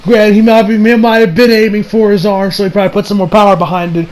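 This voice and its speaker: Excitable high-voiced man rambling casually. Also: fast, low-quality recording. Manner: rambling, excitable, with slang and swearing. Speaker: anime reviewer. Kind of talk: casual episode review.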